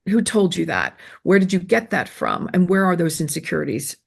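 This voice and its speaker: Lowish and creaky, yet very animated and brisk, a middle-aged woman's voice delivers earnest self-esteem advice in an interview. She's emphatic and repetitive, with many fillers and restarts.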